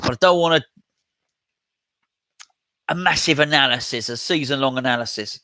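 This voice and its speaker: A man's voice: medium pitch, normal speed, bright, forceful tone, dry recording. A man hosting a casual live stream, chatting and reading out viewer comments as he replies. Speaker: host reading live chat.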